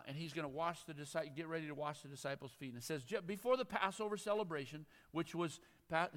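High-voiced male pastor in an echoing hall. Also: fairly bright tone. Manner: conversational, chuckling asides. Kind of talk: sermon. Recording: long hall reverb.

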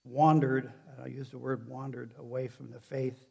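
A man preaching a sermon in a halting, conversational way, often restarting sentences and putting questions to the congregation. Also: medium pitch, flat delivery, gravelly, dark tone, breathy edge. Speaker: pastor.

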